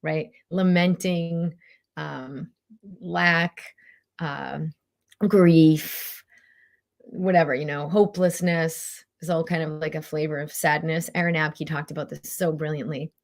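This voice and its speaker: A middle-aged woman talks in a casual, motivational way as a mind-body coach. Her voice sits a little low, and she often jumps up high to act out inner voices. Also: slow pace, gravelly. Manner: animated, acts out inner voices in a high pitch.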